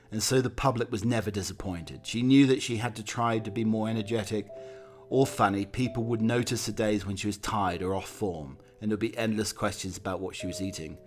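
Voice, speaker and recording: A man narrating from a script in a steady, measured reading voice with occasional slips. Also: fairly low pitch.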